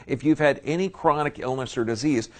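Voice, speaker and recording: A man's voice: mid-range voice, brisk. Folksy emphatic man lecturing a seminar. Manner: folksy, emphatic, often checks in with the audience. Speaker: seminar speaker. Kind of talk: live seminar lecture to an audience.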